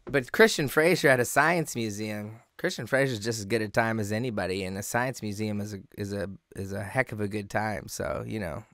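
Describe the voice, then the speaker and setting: A man's voice: fairly low pitch, a little fast, hardly any pauses, a bit bright, dry recording, studio quality. A man co-hosting a podcast in a casual, slangy, laid-back chat, talking as a father.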